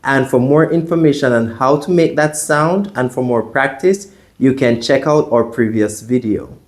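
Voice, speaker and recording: A man teaching a pronunciation lesson, drilling sounds slowly and deliberately for students to repeat after him. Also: medium pitch. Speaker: language teacher.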